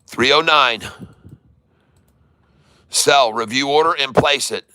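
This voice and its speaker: A man hosting a live day-trading stream, calling out prices and coaching viewers in an excitable, repetitive way. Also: mid-range voice, slow, clear, resonant tone. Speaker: day-trading livestream host.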